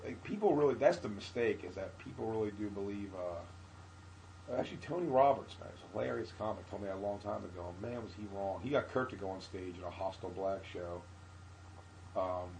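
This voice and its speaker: A man's voice: fairly low pitch, fairly quick, gravelly, darkish tone, slight background noise, low-quality recording. A man comedian telling loose, profane stories in a casual podcast chat. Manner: loose, rambling, profane storytelling. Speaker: guest comedian.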